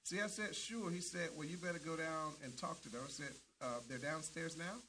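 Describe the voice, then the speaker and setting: A man's voice: fairly high pitch, a little fast, pushed and bright, a little hiss or hum. A man preaching a sermon with fervent emphasis, often repeating words as he restarts and punctuating lines with amens.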